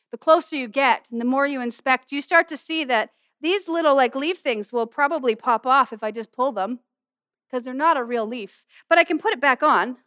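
A middle-aged woman pastor giving an animated, humorous sermon in a conversational way. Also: high-pitched, moderate pace, no room sound, clean studio sound. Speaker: pastor and student chapel speaker. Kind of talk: sermon with object lesson.

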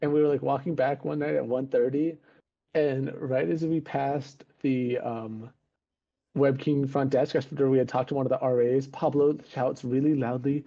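A man's voice: medium pitch, steady tone, moderate pace, creaky, dark tone. A young man co-hosting a podcast in casual chat, telling rambling stories over a video call. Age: young adult. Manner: rambling storyteller, laughs at himself. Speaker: podcast co-host. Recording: dull lo-fi video call audio.

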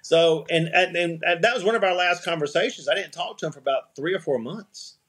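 Guest spot: man, slightly husky voice, casual rambling storyteller, restarts and chuckles. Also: a little high, brisk, a bit bright. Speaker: podcast guest, eyewear company CEO.

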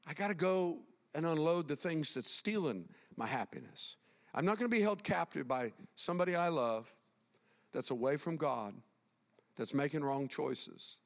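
A male pastor preaching with a high, very lively voice that swoops up and down as he presses his points. He talks emphatically, circling back and repeating phrases. His voice rings out with the long reverb of a church sanctuary. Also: moderate pace. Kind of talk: sermon.

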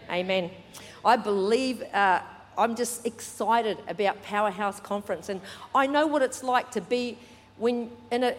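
A woman preaches a sermon with a bright, high voice. She talks in a chatty, animated way, slipping in jokes. Her voice rings with the long reverb of a large church hall. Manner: chatty and animated, laughing, joking asides. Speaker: pastor.

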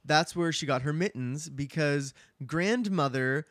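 A man's voice: a little high, a little slow, a bit bright, no room sound. A man co-hosting a podcast, retelling a book in casual chat with plenty of "like" fillers. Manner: chatty, heavy use of filler "like". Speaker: podcast co-host.

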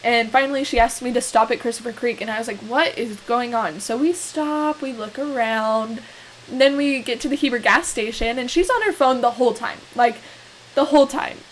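A young woman in her twenties casually telling a story as podcast co-host, laughing often and animated. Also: on the high side, normal speed, rough recording. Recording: faint hiss.

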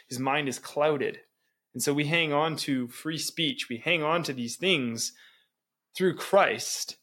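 A man's voice: fairly high pitch, fairly bright tone. A man co-hosting a podcast, reading book passages aloud and commenting on them emphatically, often asking "right?" and laughing between points. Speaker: podcast co-host.

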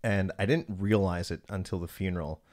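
A man's voice: low-pitched, fairly even intonation, fairly quick, darkish tone. A man in his thirties hosting a casual podcast, telling personal stories, swearing often and calling people dude. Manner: swears often, storytelling, says dude a lot. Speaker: podcast host.

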